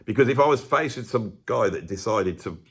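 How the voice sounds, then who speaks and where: A man's voice: lowish voice, expressive, fairly quick, a bit bright, slightly rough. Male commentator, casual monologue to camera, meandering delivery, self-interrupting, rhetorical questions. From England. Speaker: YouTube commentator.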